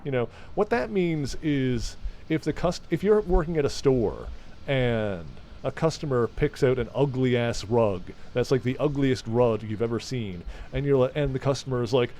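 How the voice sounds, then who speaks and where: A male streamer riffs over his gameplay in a rambling, wry way, tossing in crude jokes. His voice sits at an ordinary middle pitch. A faint hiss runs under the recording. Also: moderate pace, mellow. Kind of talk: casual gameplay commentary.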